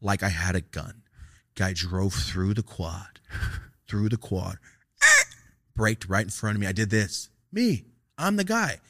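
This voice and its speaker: A young man tells a profane story on a podcast and acts out the other people's lines. His voice sits low but swings widely in pitch. The sound is dry and close. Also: expressive, slow pace, pauses often, no room sound. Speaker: podcast host telling a story. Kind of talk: casual storytelling chat.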